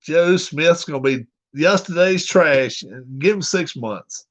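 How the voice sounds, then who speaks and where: Brief: slow, unhurried man, a bit higher-pitched, rambling casual stream chat, muffled lo-fi sound. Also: a bit bright. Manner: rambling, joking, reads comments aloud. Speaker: streamer chatting with viewers. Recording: dull lo-fi recording.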